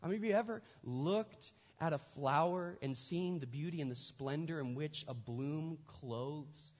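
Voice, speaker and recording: A man's voice: fairly high pitch, measured pace, a little mellow. A male pastor delivering a sermon in a conversational way, repeating his phrases for emphasis, recorded in a church sanctuary. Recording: echoey hall, dull lo-fi sound.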